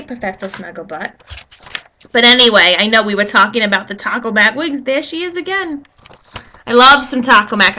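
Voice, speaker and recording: A woman's voice: fairly high pitch, bright, forceful tone. A woman giving a casual, rambling history lesson, full of jokey asides to her viewers. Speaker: history video host.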